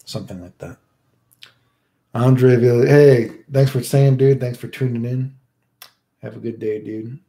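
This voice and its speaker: A man's voice: medium pitch, measured pace, pauses often, mellow, reverberant. A man with a Southern American accent, chatting casually with live viewers, rambling, swearing freely and tagging his lines with "right?". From United States. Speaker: livestreamer.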